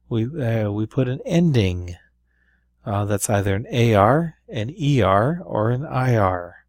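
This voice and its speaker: A man with a somewhat low voice gives a patient review lesson, explaining step by step and checking in with his listeners. His sound is dry and close, with no room around it. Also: a little mellow, no room sound. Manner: explanatory, patient, with fillers and frequent "right?". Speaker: Spanish teacher. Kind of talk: recorded classroom review lesson.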